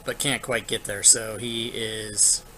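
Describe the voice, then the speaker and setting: Man, dungeon master, bright voice, casual narration, faint background hiss. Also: fairly low pitch, steady tone, slow pace, poor audio. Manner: casual, thinking aloud with frequent filler. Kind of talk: narrating a tabletop game online.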